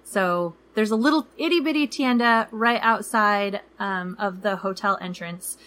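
A woman's voice: medium pitch, unhurried, fairly bright tone. Chatty woman podcast host with fillers. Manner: chatty, many fillers, acts out quoted people. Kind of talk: casual chat.

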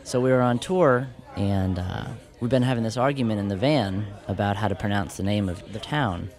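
Low-voiced musician telling a tour joke. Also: male voice, normal speed. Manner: casual, relaxed storytelling. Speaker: musician guest.

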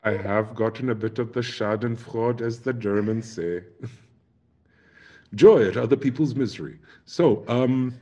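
A man's voice: medium pitch, unhurried, mellow. A man hosting a podcast, joking around while thanking and wrapping up with his guest. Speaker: podcast host. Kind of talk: casual chat.

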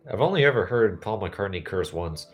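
A man with a very low, deep voice, chatting casually as a podcast co-host. He rambles and hops between tangents, with faint music underneath. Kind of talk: casual chat.

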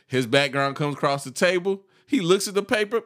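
A man's voice: high-pitched, lively intonation, a little fast, a bit bright. A man in his thirties telling a long, profane story in casual chat, laughing and acting out the people in it.

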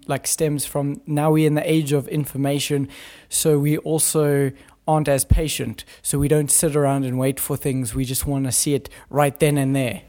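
Higher-voiced man hosting a podcast. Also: warm tone. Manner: thoughtful, asks long musing questions, affirming. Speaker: podcast host. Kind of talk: casual interview chat.

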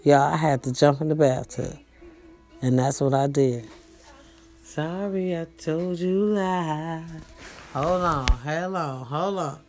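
At home indoors, a woman hosts a casual livestream, chatting profanely and straight to her viewers. Her voice sits low and steady, a little mellow, and she takes it slowly over soft background music.

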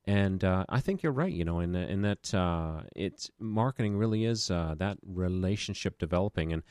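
A man's voice: low-pitched, expressive, moderate pace, darkish tone, clean tone, no room sound, studio quality. A man who runs a small business, chatting casually and rambling through stories with a self-deprecating humor. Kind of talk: casual podcast conversation.

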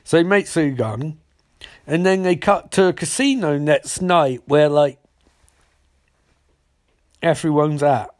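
A man's voice: a little high, lively intonation, a little slow, pauses often. A man casually retelling a TV episode, rambling, swearing and throwing in comic asides. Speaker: recapper.

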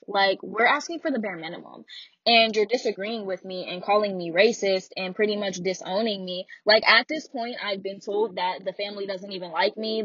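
A woman's voice: medium pitch, breathy edge, no echo, muffled recording. A young woman, speaking bluntly and frankly about her own life, often laughing. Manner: blunt, frank and animated, with frequent laughs and asides. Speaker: speaker sharing personal story. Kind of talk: candid personal monologue.

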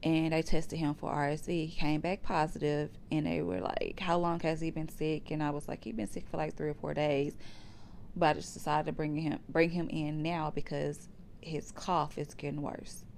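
A woman's voice: sits low, fairly even intonation, moderate pace, a little mellow. A young adult woman, hosting a podcast and telling a personal story in a conversational way, often calling her listeners "y'all". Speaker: podcast host. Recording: faint background hiss.

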